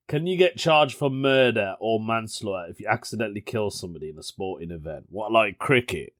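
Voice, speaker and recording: A man's voice: medium pitch, animated, moderate pace, a bit bright, no echo, studio quality. A young man hosting his own podcast, chatting and telling stories casually and laughing often. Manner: chatty storyteller, laughs often, British slang like "innit". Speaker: podcast host. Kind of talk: casual solo podcast chat.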